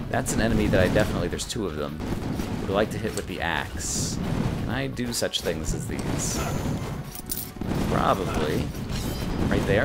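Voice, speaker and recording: Over background game music, this male gaming host talks quickly in a lower register, fumbling his phrasing and growing excited as he gives relaxed let's-play commentary.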